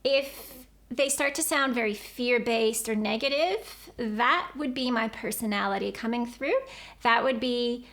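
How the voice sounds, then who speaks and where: A woman's voice: fairly high pitch, measured pace, a bit bright. A woman teaching about channeling, earnest and repetitive as she explains things step by step. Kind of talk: explanatory spiritual teaching video.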